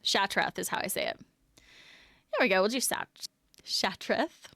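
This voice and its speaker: A woman's voice: medium pitch, lively intonation, normal speed, gravelly, bright, forceful tone, no echo, clean studio sound. A woman streamer guiding viewers on a game lore tour, chatty and self-deprecating. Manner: chatty, self-deprecating, laughs at own mispronunciations. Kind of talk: casual live-stream narration.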